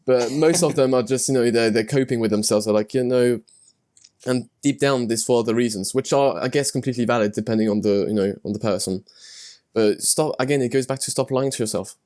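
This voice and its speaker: A man's voice: mid-range voice, brisk, darkish tone. Podcast host guy, mid voice, rambly, says stuff twice while thinking. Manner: rambling, repeats words as he thinks. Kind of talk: casual podcast conversation.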